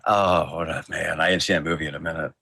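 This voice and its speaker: A man hosting a laid-back livestream, his voice deep yet bright and forward. He rambles, breaks off and restarts, and keeps a playful edge throughout. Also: fairly even intonation, brisk, vocal fry, slightly rough. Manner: rambling, self-interrupting, playful. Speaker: livestream host. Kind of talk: casual livestream chat.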